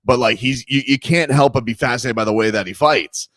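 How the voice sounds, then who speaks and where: A man's voice: mid-range voice, a little fast, a bit bright, no room sound, studio quality. A man hosting a sports radio show, chatting loosely and joking with lots of fillers. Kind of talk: casual sports radio chat.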